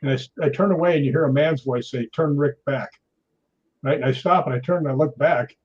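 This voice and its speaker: Husky-voiced man in his sixties, telling stories. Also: mid-range voice, quick pace. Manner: animated storyteller acting out quoted voices. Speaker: guest. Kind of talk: storytelling in an interview. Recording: dull lo-fi audio.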